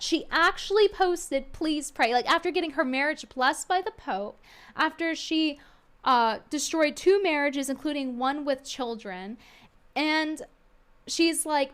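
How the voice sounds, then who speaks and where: High-voiced, sarcastic female co-host. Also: fairly bright tone. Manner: sarcastic, gossipy retelling. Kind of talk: casual live-stream commentary.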